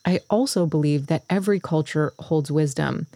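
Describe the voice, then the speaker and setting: Low, dark-voiced woman podcast host. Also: moderate pace, no echo. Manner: thoughtful, earnest, talking through her thinking. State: early morning voice. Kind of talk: solo podcast introduction.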